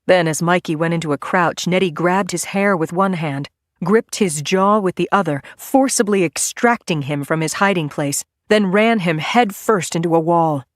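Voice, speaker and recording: A woman narrating a thriller audiobook in a measured, steady storytelling manner. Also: on the low side, no room sound, clean studio sound. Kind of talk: scripted narration.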